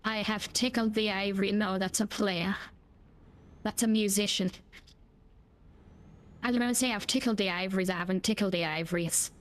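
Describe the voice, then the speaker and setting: A woman's voice: mid-range voice, steady tone, normal speed, pauses often. A woman streaming a driving game, chatting in a cheeky, jokey, rambling way. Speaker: gaming streamer. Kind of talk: casual gameplay chat.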